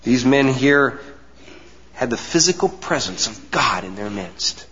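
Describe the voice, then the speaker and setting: A man preaching a sermon, with earnest emphasis, deliberate pauses and soft asides. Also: mid-range voice, expressive, slight background noise. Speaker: pastor. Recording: dull sound with long hall reverb.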